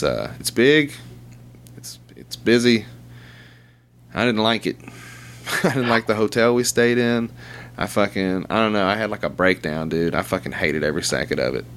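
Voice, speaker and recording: A very low-voiced man, rambling through crude stories in relaxed chat. He swears freely and laughs at his own tales. A faint hum sits under the recording. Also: creaky. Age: young adult to middle-aged, father of a two-year-old. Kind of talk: casual chat.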